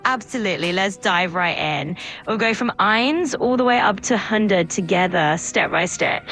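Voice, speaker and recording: An upbeat synthetic woman's voice speaking as an AI assistant, her pitch bouncing up and down as she cheerfully agrees to everything. She keeps stalling and repeating herself, with faint game music underneath. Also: lively intonation, moderate pace, a bit bright.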